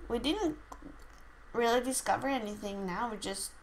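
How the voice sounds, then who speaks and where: A Norwegian woman with a Norwegian accent hosts a let's play, chatting casually through the game and startling easily. Her voice is fairly high-pitched at a normal speed, on a low-quality recording with slight background noise.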